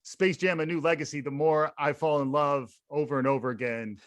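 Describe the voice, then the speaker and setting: A man's voice: on the high side, fairly even intonation, brisk, dry recording. Dry-sounding man, opinionated podcast host. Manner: opinionated, playful riffing. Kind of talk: casual podcast chat.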